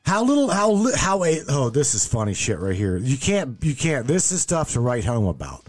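A man's voice: medium pitch, huge pitch swings, moderate pace. A man hosting a podcast, reading the news aloud in a profane, sarcastic, rambling way. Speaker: podcast host. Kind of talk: casual news commentary.

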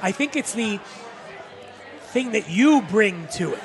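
A man co-hosting a casual podcast chat, animated and laughing as he explains with punchy asides. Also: high-pitched, slow pace, creaky, crowd noise. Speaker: podcast co-host, spirits expert.

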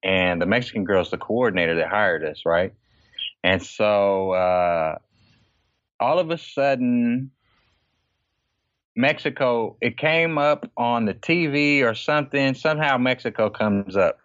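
A man from Oakland, a podcast guest, telling stories in casual chat, animated, laughing often and acting out other people's lines. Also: mid-range voice, a little slow, dry recording. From Oakland, California. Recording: dry, slightly dull lo-fi podcast audio.

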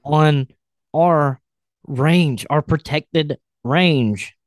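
A man's voice: a little high, very slow, no room sound, studio quality. Blunt, wry male podcast host. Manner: wry, blunt, laughs while reading. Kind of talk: casual chat, reading a post aloud.

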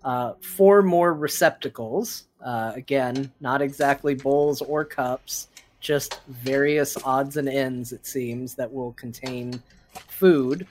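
A man's voice: mid-range voice, takes it slowly, a little hiss or hum. A man narrating as game master of a tabletop game, often hesitating with fillers.

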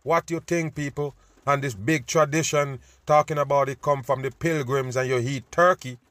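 A man's voice: medium pitch, fairly even intonation, normal speed, no room sound. Profane ranting male commentator. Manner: loud, preachy and profane, repeatedly calling out "people". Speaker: host. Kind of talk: ranting commentary over news clips.

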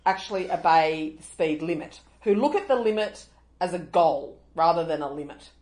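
A woman's voice: low voice, expressive, normal speed, darkish tone. A middle-aged Australian woman co-hosting a casual chat, ranting in exasperation and swearing freely. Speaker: podcast co-host.

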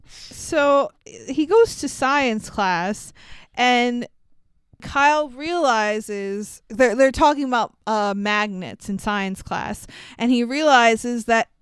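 A woman's voice: fairly high pitch, slow, clear, resonant tone, no room sound. A woman in her thirties co-hosting a casual podcast, retelling a movie with frequent laughs and swearing. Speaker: podcast co-host. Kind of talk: casual movie recap chat.

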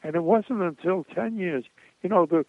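An older man, a guest comedian on a radio interview, tells rambling anecdotes at a moderate pace, full of "uh"s, hesitations and restarts. His voice is a little high for a man and arrives over a tinny, dry phone line with no room sound at all.

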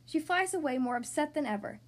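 A woman hosting a podcast, reading a storybook aloud to young children in a friendly, animated way. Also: sits high, fairly quick. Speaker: podcast host reading to kids.

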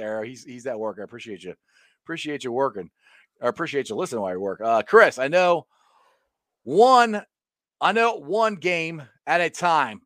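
Lively man hosting a sports talk show. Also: fairly high pitch, no room sound, studio quality. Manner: animated, reads viewer comments aloud. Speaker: show host. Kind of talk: casual sports talk with live comments.

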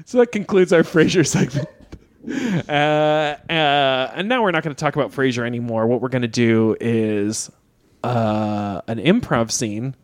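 A man's voice: mid-range voice, a little slow, dry recording. Jokey man hosting a comedy podcast. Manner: playful, jokey. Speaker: podcast host.

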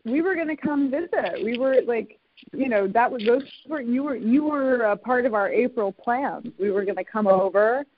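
A podcast host in casual conversation, talking haltingly with many fillers and restarts. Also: mid-range voice. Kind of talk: casual conversation over a call. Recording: tinny phone-like line, dry.

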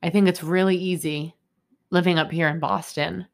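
A woman's voice: lowish voice, fairly even intonation, moderate pace, vocal fry. A young woman hosting a solo podcast, rambling stream-of-consciousness style with many fillers, upset and indignant as she talks. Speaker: podcast host. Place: home in Boston.

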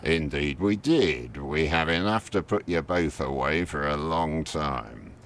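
A man's voice: rumbling low, expressive, unhurried, fairly bright tone, slight background noise, full character voice. A man playing a stern, formal officer reading out charges. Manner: formal, commanding. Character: stern officer making an arrest.

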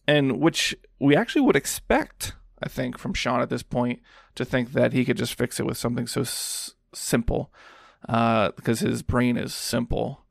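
A man's voice: medium pitch, moderate pace, vocal fry, no room sound, studio quality. A man hosting a podcast alone, recapping a film scene in a rambling, casual way with lots of fillers. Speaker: podcast host.

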